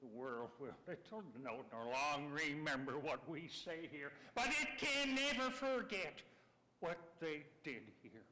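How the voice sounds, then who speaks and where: A man's voice: on the high side, expressive, unhurried, pushed and bright. A man playing an earnest frontier statesman, reciting a historic address in a solemn ceremonial style with sweeping rises and falls. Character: earnest high-voiced male frontier statesman orator. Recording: echoey hall with long reverb.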